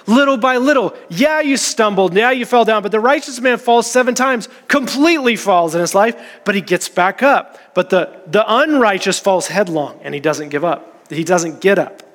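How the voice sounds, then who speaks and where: A man with a high, light voice preaching an earnest, conversational sermon to his congregation. The sound carries a long reverb from a large church hall. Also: expressive, moderate pace, few pauses, a bit bright. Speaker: pastor.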